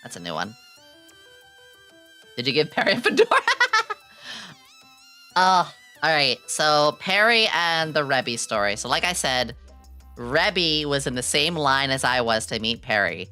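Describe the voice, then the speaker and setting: Young woman, casual chat stream, low-pitched, very lively intonation, giggly, excitable, swears. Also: moderate pace, clear, resonant tone, soft background music. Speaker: VTuber streamer.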